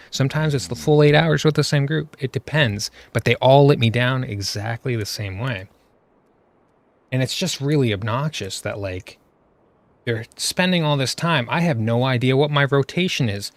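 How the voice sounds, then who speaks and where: A man's voice: medium pitch, normal speed. A man giving exasperated, ranting commentary over gameplay footage, full of rhetorical questions. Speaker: gaming video creator.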